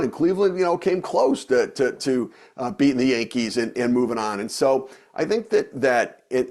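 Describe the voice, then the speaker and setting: A man's voice: medium pitch, a little mellow. A middle-aged man talking as a podcast guest in a loose, rambling way, with many fillers and restarts. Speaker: guest, former baseball executive and radio host. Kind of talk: casual podcast interview.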